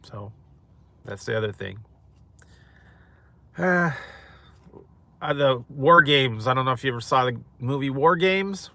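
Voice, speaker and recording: Chuckling man chatting, bright and dry. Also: mid-range voice, lively intonation, a little slow, pauses often, no echo. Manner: rambling, chuckling often. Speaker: mukbang host. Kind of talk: casual chat to live viewers.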